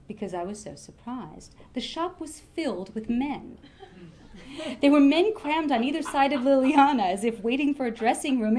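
Higher-voiced woman reading a comic story. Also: mellow. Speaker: reader. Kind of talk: reading a comic novel aloud.

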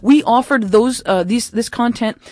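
A woman hosting a live radio fund drive, making an enthusiastic, chatty pledge pitch on a studio microphone. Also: moderate pace, darkish tone, dry recording. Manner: enthusiastic, chatty, laughs often.

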